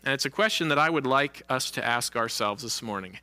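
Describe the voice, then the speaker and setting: Pastor guy preaching, bright tense voice, slows way down on the big lines. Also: mid-range voice, lively intonation. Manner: earnest preaching, slows for emphasis, rising for quoted cries. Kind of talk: sermon.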